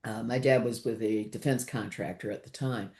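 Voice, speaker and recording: A woman in her sixties with a low-pitched voice, chatting about her writing as an interview guest. She is animated and laughs often, with plenty of fillers and half-finished thoughts. The tone is easy and conversational. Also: moderate pace. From Los Angeles. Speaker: author guest. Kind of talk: casual interview chat.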